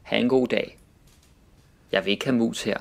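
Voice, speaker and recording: A man reading example sentences slowly and deliberately, saying each one twice. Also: medium pitch, fairly even intonation, creaky.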